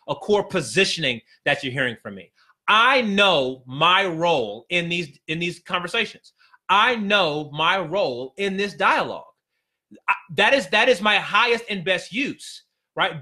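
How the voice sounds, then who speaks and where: A man's voice: on the high side, sharp tone. A man coaching business owners on a live stream, talking emphatically and repeating his key phrases with many restarts. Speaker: business consultant.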